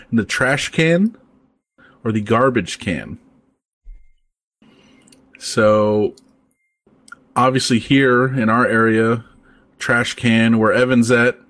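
A man hosting a casual podcast chat, talking in a relaxed, rambling way with plenty of fillers. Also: lowish voice, dry recording. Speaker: podcast host.

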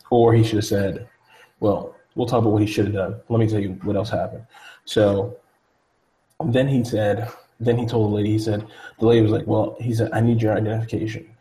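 In a loose, casual chat, a man tells a story with a slightly low, mellow, relaxed voice. He rambles, fills gaps with "like" and "you know," and acts out the people he quotes. The audio is poor.

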